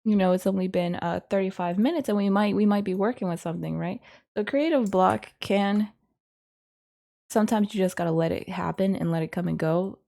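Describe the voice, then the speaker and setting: A woman's voice: medium pitch, brisk, vocal fry, dark tone. A woman teaching a casual lesson, thinking aloud in a rambling, hesitant way with frequent ums and self-corrections. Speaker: course instructor.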